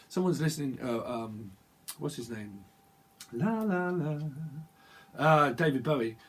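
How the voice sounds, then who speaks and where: Husky, animated man reading tarot. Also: medium pitch, unhurried, pauses often. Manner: rambling, jokey, acts out dialogue. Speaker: tarot reader. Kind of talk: casual chat, tarot reading.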